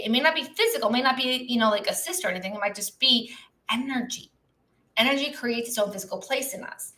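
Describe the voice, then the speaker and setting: A woman's voice: mid-range voice, sharp tone. A woman business coach giving a live-streamed talk, speaking conversationally and checking in with listeners as she goes. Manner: reads and answers viewer chat aloud.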